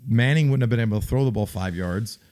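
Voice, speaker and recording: A middle-aged man with a fairly low voice chats casually about sports as a podcast co-host. He tells stories with animation and breaks into loud acted quotes from teammates. He talks in a relaxed, offhand way. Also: fast talker. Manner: animated storyteller, acts out loud shouted quotes. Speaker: podcast co-host, former pro football player. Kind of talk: casual sports chat and storytelling.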